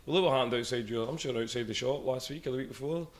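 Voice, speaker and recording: A man's voice: medium pitch, very fast. A Scottish man co-hosting a podcast, rambling through casual anecdotes. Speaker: podcast co-host. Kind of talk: casual chat.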